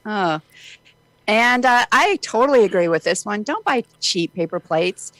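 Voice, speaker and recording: A woman's voice: mid-range voice, lively intonation, unhurried, a bit bright, dry recording. A woman co-hosting a casual morning radio show, giving wry, matter-of-fact advice. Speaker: radio co-host.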